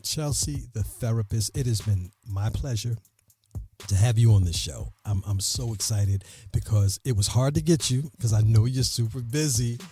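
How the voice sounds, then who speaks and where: A man's voice: fairly low pitch, normal speed, warm tone, a little hiss or hum. A man hosting a podcast interview in a studio, chatty and laid-back, laughing easily. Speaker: podcast host. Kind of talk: casual interview.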